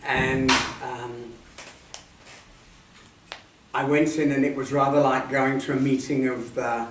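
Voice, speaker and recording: A man in his seventies shares personal memories at a talk, speaking softly and reflectively and letting his sentences trail off. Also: medium pitch, flat delivery, takes it slowly. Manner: reflective, soft-spoken, trailing off at line ends. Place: meeting hall at a centre. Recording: echoey hall, distant mic, faint noise.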